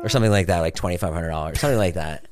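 A man in his forties telling a story as a guest on a podcast, acting out the other people's voices and bursting into shouts and laughter. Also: low voice, rapid-fire. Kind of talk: animated comic storytelling.

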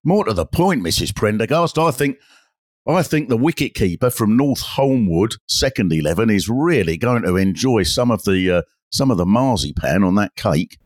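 A man's voice: lowish voice, animated, normal speed, dry recording, studio quality, voice pushed up. A man improvising a nosy, fussy village cricket club member in a sing-song, inquisitive manner. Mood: sly. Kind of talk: improvised comic role-play.

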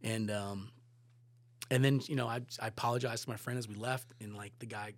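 A man, a photographer and director, telling stories in a casual podcast chat, animated and swearing freely. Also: on the low side, fairly quick, dry recording.

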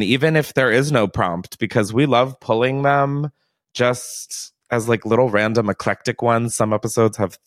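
A man's voice: mid-range voice, dry recording, studio quality. Chatty, laughing male podcast host. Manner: chatty, animated, profane, laughs often. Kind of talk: casual podcast chat.

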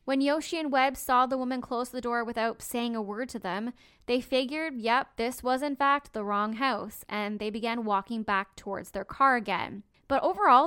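A woman's voice: on the high side, a bit bright, clean tone, no room sound. Woman podcast host, true crime storyteller, chatty asides, dry close sound. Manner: conversational, with personal asides.

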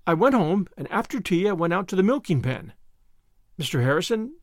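A man's voice: sits high, very animated, a little fast, no echo, studio quality. A man reading aloud and voicing an impulsive teenage girl who talks in earnest, gushing runs. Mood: earnest, apologetic. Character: eager talkative teenage girl, impulsive and apologetic.

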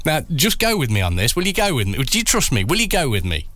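A man's voice: medium pitch, wildly swooping pitch, fast talker, a bit bright, no echo, clean studio sound. A man, the show's producer, bantering playfully and geekily with the host. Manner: playful, geeky, giggly. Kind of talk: casual podcast banter.

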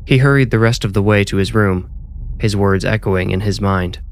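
A man narrating a scripted horror story in a measured, deliberate way. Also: lowish voice, a little hiss or hum.

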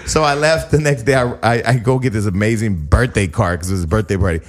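A man telling a crude party story in a casual chat, animated and acting out the voices he quotes. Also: lowish voice, fast talker.

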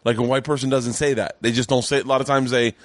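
Male podcast host, mid-pitched, casual and earnest, talks in loose restarts; dry sound. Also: fairly even intonation, quick pace, no room sound. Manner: rambling, many restarts, earnest. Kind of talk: casual chat. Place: home studio.

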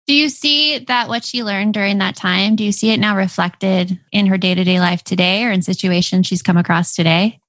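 A woman's voice: mid-range voice, a little fast, few pauses, a bit bright, no room sound. A young woman co-hosting a podcast, chatting earnestly and eagerly. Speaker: podcast co-host. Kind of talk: casual chat.

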